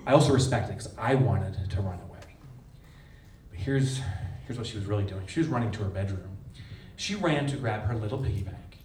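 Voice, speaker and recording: A man delivering a conference keynote as an emotional story, his voice leaping high when he hits a punchline. He sits at a middling pitch. The sound is roomy and heard from off the mic, with a faint rumble underneath. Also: a little mellow. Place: large conference hall. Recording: echoey hall, distant mic, faint rumble.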